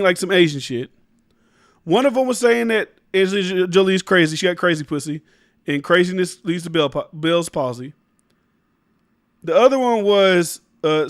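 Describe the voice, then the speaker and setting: Emphatic, high-voiced male commentator, profane. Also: a bit bright, no room sound, studio quality. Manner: emphatic, rambling, profane, restarts mid-sentence. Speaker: commentary show host. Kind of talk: casual opinion commentary.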